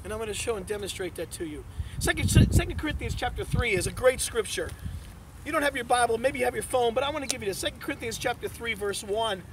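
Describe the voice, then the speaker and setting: A man preaching a sermon as a youth pastor, telling a story in an animated, emphatic storytelling style. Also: very high-pitched, fast talker, distant mic, background noise. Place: youth event.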